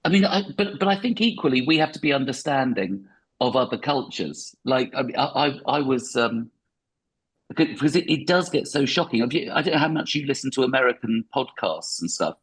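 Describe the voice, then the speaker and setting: Middle-aged male comic, husky voice, mid pitch, rambling self-deprecating chat. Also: expressive, fairly quick, low-quality recording. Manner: self-mocking, chatty, many restarts. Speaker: comedian guest. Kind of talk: casual interview chat.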